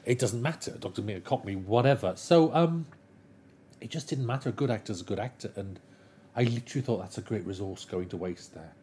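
Male interview guest, low-pitched, eager storyteller who rattles along quickly. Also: slightly rough. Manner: animated, enthusiastic and rambling. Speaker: guest, television writer. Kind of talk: casual interview chat.

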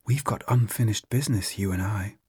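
A man reading aloud voices a ghostly young woman, soft and half-whispered, in a storybook reading. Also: fairly low pitch, brisk, breathy edge, dry recording, studio quality, voice pushed up. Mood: taunting.

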